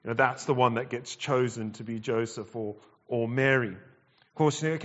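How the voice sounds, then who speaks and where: A man preaching a sermon, emphatic and measured, repeating phrases and pausing between them. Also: mid-range voice, steady tone, fairly bright tone. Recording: dull sound with long hall reverb.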